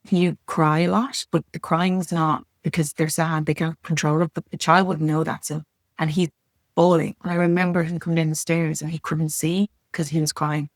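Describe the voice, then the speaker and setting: A middle-aged woman telling her story as a podcast guest, frank and earnest, with blunt language and quick restarts. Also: sits low, no room sound, studio quality. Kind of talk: candid conversational storytelling.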